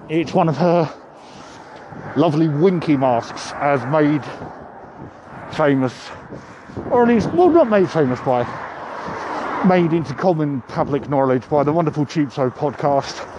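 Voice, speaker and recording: A man in a face mask talks chattily to his podcast listeners as he walks along a street. His voice sits a little high and comes through muffled by the mask. Wind buffets the mic, and city ambience runs underneath. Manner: chatty, addresses listeners directly. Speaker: podcast host. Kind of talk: casual walking monologue. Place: outdoors on a street, walking. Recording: wind noise outdoors. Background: wind and urban street ambience.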